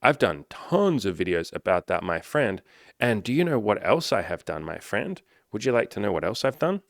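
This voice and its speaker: A man's voice: fairly low pitch, big pitch swings, moderate pace, vocal fry, no echo, studio quality. A man giving blunt, casual dating advice to viewers, reading out their comments and answering them, swearing freely. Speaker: dating coach. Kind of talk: casual talking-head advice video.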